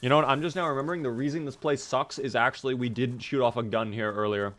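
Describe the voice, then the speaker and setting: A hoarse man commentating his own gameplay live, chatting with viewers and answering their questions. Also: medium pitch, steady tone, fast, fairly bright tone. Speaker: streamer.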